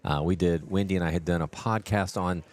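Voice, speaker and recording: A man with a very deep voice gives casual live commentary from a tournament. He explains things in a loose, rambling way, filling the gaps with ums and uhs. He talks into a handheld phone. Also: fairly even intonation, brisk, darkish tone. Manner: rambling, explanatory, full of fillers.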